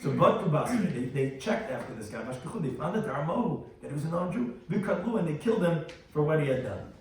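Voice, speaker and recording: Fast-talking rabbi in an echoey room. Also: male voice, a little high, a little hiss or hum. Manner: translates each term, animated storytelling. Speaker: rabbi teaching Talmud. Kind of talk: daily Talmud lecture. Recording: very echoey room, mic far off.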